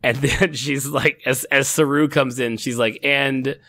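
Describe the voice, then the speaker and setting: Middle-aged man, bright and forceful voice, dry close sound, rambling casual review chat. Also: medium pitch, fairly even intonation, measured pace, creaky, no room sound. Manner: rambling, laughs often, many restarts. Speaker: podcast co-host.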